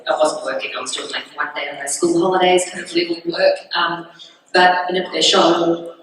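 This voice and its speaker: A woman's voice: lowish voice, normal speed, fairly bright tone. A woman in her thirties with a New Zealand accent, an actress chatting casually on a convention panel, rambling with lots of fillers. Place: large convention hall stage. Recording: echoey hall, far from mic, noisy.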